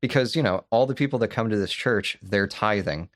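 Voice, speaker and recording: Brief: male podcast co-host, lowish voice, dry close sound, animated and profane. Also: a little fast, dry recording. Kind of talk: casual chat.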